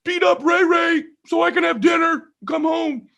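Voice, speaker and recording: A man voicing a scared, crying little boy with a high, whiny, pleading voice. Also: steady tone, normal speed, creaky, sharp tone, shouting, heavily acted.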